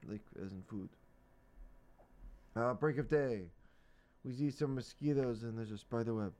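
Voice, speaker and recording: A man's voice: mid-range voice, unhurried, dark tone. A man reading the day's newspaper comics aloud on a radio reading service, describing each panel in an upbeat, chatty way. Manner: upbeat, explains the panels between quotes.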